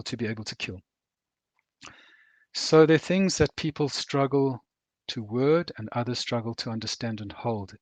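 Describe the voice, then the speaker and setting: An older Rhodesian man, a veteran author and counsellor, reflects in an interview with earnest, measured speech, slowing down on weighty words. His pitch is medium and there is no room sound.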